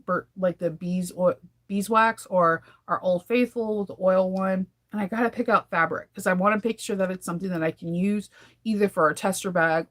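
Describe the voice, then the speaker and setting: Chatty woman vlogger, laughing often. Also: fairly low pitch. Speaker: sewing vlogger. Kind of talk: casual daily vlog chat.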